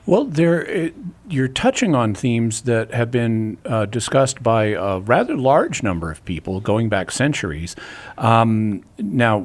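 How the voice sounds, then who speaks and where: A man answering callers' questions on a call-in radio show, explaining things in a measured way with occasional restarts. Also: mid-range voice.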